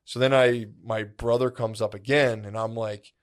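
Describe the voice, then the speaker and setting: A man's voice: fairly low pitch, fairly even intonation, normal speed. A man co-hosting a podcast, telling a long rambling story in casual chat, full of "like" and "dude" and acting out his own past thoughts. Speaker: podcast co-host.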